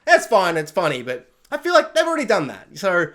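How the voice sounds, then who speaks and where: A man giving an excited, rambling film review, jumping into goofy voices as he talks. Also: high voice, brisk.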